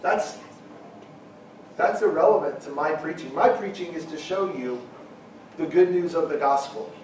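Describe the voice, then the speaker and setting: A middle-aged man preaching a sermon, emphatic, at times shouting and acting out quoted objections. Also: a little high, normal speed, slight background noise. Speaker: pastor. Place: church hall. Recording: very echoey hall from far off.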